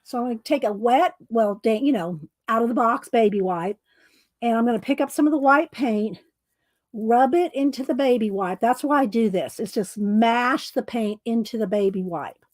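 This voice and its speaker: Middle-aged woman host, casual and chatty, slightly high-pitched, narrates her craft work to viewers. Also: normal speed, darkish tone. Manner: chatty, talks to viewers while working. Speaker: art livestream host. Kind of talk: casual livestream chat while crafting.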